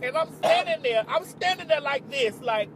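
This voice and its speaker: A woman's voice: high voice, huge pitch swings, moderate pace, background noise. A woman telling a dramatic storytime on her vlog, sassy and profane, with bursts of exclamation. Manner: exclamatory outbursts of disbelief. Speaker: vlogger.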